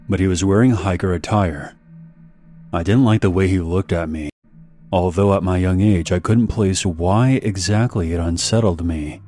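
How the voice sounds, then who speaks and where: Deep-voiced man narrating horror. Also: darkish tone. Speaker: story narrator. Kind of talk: scripted horror story narration.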